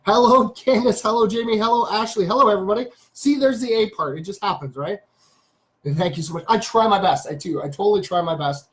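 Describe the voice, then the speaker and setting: A man's voice: high-pitched, quick pace, low-quality recording. Chatty Canadian man hosting a live stream. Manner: chatty, greets viewers by name, rambling. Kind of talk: casual live stream chat.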